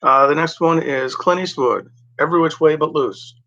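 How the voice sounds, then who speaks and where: Rambling bright-voiced man, lo-fi recording. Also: on the high side, normal speed. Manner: meandering, full of "like" and "you know", self-correcting. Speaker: vlogger. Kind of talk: casual rambling chat. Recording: dull lo-fi home recording.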